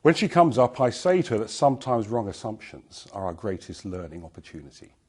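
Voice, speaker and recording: A man giving a talk, telling a personal story in a lively storytelling manner. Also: lowish voice, brisk, husky. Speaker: conference speaker.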